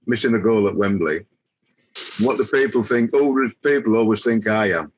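A man's voice: on the low side, normal speed, slight background noise, close to an everyday voice, poor audio. A man quoting a wry old Yorkshire ex-player. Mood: rueful.

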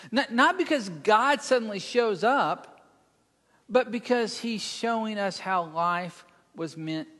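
A man preaching a sermon as a pastor, speaking slowly and deliberately and now and then mimicking a whiny voice. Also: high voice, a bit bright, long reverb tail. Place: church.

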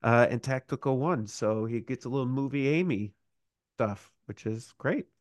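A man's voice: medium pitch, moderate pace, no echo. A man co-hosting a casual gaming podcast, rambling and self-deprecating with lots of fillers. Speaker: podcast co-host.

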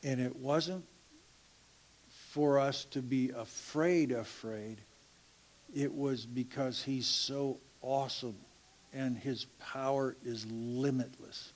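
A middle-aged man telling a church testimony in a slow, halting way, with laughs and hushed asides. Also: mid-range voice. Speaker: church member sharing a testimony.

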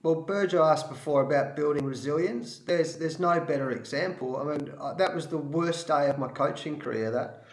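A middle-aged man with an Australian accent, a former cricket coach telling a story with animated restarts and repeated words. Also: on the high side, normal speed, echoey room. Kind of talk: storytelling in a panel talk.

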